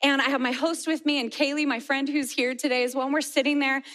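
A woman in her forties preaching a sermon and telling a family story in an animated way, laughing often. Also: sits high, quick pace. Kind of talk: sermon testimony.

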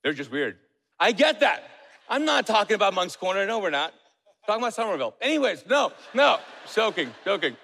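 High-voiced preacher in an echoing hall. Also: male voice, fairly quick, creaky. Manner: lively, asks the congregation questions, joking asides. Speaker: pastor. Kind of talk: sermon. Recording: long reverb of a church hall.

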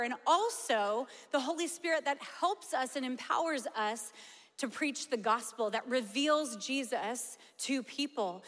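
Animated high-voiced woman preaching. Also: long reverb tail. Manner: animated storytelling with laughs. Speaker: pastor. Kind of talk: sermon.

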